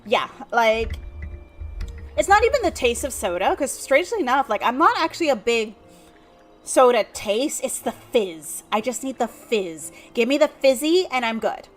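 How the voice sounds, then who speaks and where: A woman's voice: on the high side, sing-song, normal speed, soft background music. A woman streamer giving casual, rambling gameplay commentary full of fillers. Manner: chatty, rambling, with many fillers.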